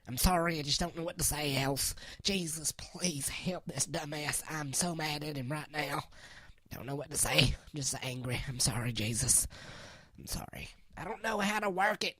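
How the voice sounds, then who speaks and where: A woman doing a husky, flustered church lady. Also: sits low, no room sound, studio quality. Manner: fumbling, swears then apologizes, scolding. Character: flustered pious church lady, middle-aged, easily riled. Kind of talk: comedy sketch monologue.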